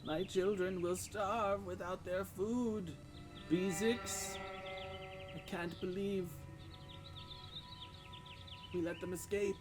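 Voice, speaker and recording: A man voicing a fairy queen of a fey colony who speaks gently, graciously and persuasively. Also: sits high, steady tone, takes it slowly, pauses often, distant mic, pitched above the performer's own voice. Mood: tearful. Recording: music playing behind.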